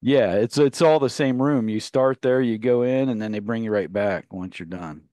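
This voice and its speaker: A man's voice: medium pitch, normal speed, dark tone, no room sound. A man co-hosting a radio show, telling long rambling anecdotes in casual banter and laughing at his own stories.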